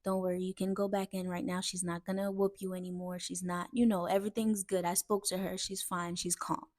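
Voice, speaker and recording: A woman voicing a calm grown man who speaks softly and reassuringly. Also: fairly low pitch, fairly quick, no echo, studio quality, voice pushed down, natural voice. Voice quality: soft, hushed, reassuring.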